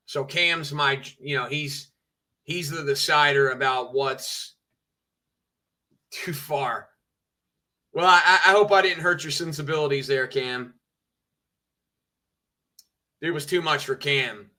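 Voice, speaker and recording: A streamer reacting to clips rants with petty indignation, swearing and mocking others. His voice sits on the high side with a sharp tone, and he speaks slowly with frequent pauses.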